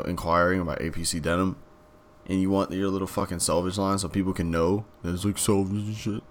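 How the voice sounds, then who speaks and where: A young man co-hosting a podcast in casual chat, laid-back and slangy, swearing and trailing off softly. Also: low-pitched. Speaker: podcast co-host. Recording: faint background noise.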